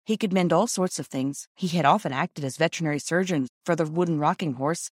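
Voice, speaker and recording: Lowish-voiced woman narrating a classic children's book. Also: fairly quick, hardly any pauses, a little mellow, dry recording, studio quality. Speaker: audiobook narrator. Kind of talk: scripted narration.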